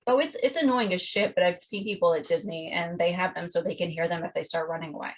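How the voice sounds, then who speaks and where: A woman co-hosting a podcast, chatting casually and telling a story in an animated, profane way. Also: fairly low pitch, fast, low-quality recording. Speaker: podcast co-host. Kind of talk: casual chat.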